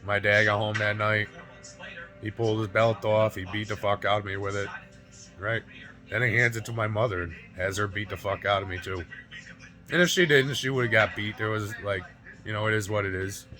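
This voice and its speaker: On a rough recording over background music, a fortyish man speaks at a moderate pace with a lowish voice and fairly even intonation. The fitness vlogger shares a painful story on camera, emotional to the point of tears, profane and leaning on "right?" and "you know?".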